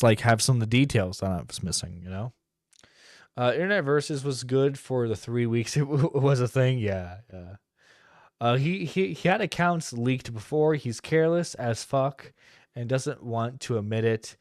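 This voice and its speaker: A man's voice: mid-range voice, no room sound. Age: adult. Sex: man. Role: internet radio host. Style: casual live-stream commentary, profane and rambling, dry close mic.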